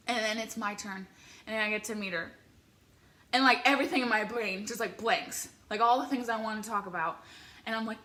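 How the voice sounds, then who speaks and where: A young woman from the Midwest telling an excitable, rambling story with many filler words while eating on camera. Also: on the high side, brisk. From American Midwest. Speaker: vlogger.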